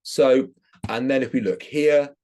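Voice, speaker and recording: A man's voice: medium pitch, measured pace, darkish tone, a little hiss or hum. A man giving an academic lecture, explaining his subject with enthusiasm.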